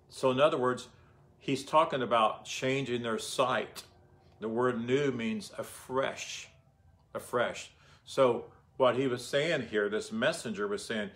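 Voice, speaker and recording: A man's voice: mid-range voice, a little slow, a bit bright. A man giving informal Bible teaching in a conversational way, often asking his listeners rhetorical questions.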